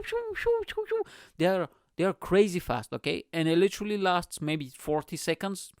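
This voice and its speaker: A man's voice: a little high, no room sound. Man ranting in a dry room. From Bulgaria. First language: Bulgarian. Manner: rambling, profane, full of sound effects. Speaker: podcast host. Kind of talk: comedic rant.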